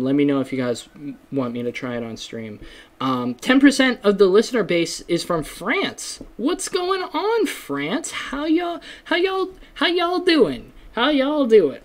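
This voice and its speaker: Rambling man hosting a casual podcast. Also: medium pitch. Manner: rambling, self-deprecating, lots of fillers and restarts. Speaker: podcast host. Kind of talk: casual solo podcast chat.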